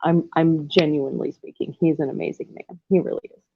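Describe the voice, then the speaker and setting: A woman's voice: sits low, steady tone, brisk, breathy edge, dry recording. Woman, casual livestream host, rambling, effusive, laughs a lot, tinny phone-like sound. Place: at home.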